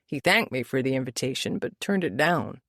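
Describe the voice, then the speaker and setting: A woman reading a level-headed American businessman in a flat, measured way. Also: very deep voice, no room sound, studio quality, pitched below the performer's own voice, exaggerated voice.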